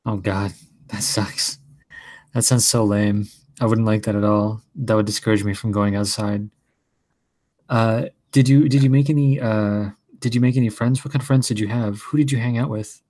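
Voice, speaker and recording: Male podcast host, low voice, dry close sound, rambling curious questioner. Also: steady tone, moderate pace, darkish tone, dry recording. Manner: rambling, self-interrupting, curious. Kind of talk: casual conversation, asking questions.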